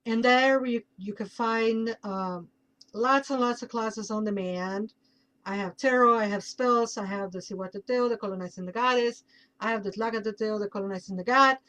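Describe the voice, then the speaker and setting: A woman's voice: a little high, normal speed, fairly bright tone, poor audio. A woman podcast host with a Mexican accent, chatting casually and plugging her work with playful asides.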